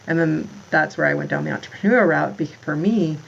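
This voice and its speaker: This woman in her thirties has a deep, creaky, husky voice that's a little fast, and the recording's highs are cut off. A podcast guest who founded a moms' community, she rambles through a casual interview about motherhood, peppered with "like" and restarts.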